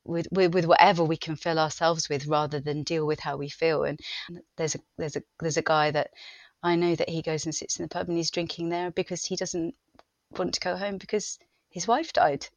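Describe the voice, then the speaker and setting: A woman guest talking through grief in an interview, halting and searching for words, often emotional. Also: deep voice, fairly even intonation, no room sound.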